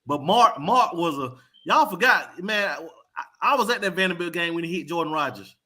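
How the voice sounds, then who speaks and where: A man's voice: high voice, expressive, normal speed, pushed and bright. A man co-hosting a sports talk show, emphatic and hyped, repeating names for emphasis. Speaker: podcast co-host.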